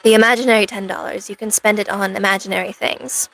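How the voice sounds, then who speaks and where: Brief: woman streamer, in-character cosplay chat, sarcastic rambling banter, vocal fry. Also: medium pitch, steady tone, fast talker, fairly bright tone.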